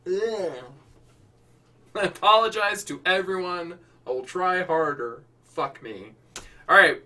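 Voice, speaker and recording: Husky, bright casual storyteller. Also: mid-range voice, far from the mic. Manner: swearing, self-deprecating, hesitant between lines. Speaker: storyteller reading his own short story from a prompt.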